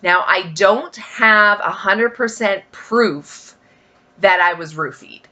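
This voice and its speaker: A woman's voice: mid-range voice, slow pace, pushed and bright, lo-fi sound. A woman talking casually in a vlog, telling stories in a chatty way with lots of fillers and emphatic asides. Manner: chatty storytelling, many fillers. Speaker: vlogger.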